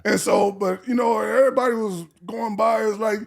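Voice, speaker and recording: A man's voice: sits high, moderate pace, gravelly. A middle-aged man, an actor, telling casual stories and acting out the voices of the people in them. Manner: animated, acts out voices in his stories. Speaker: actor guest. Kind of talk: casual storytelling.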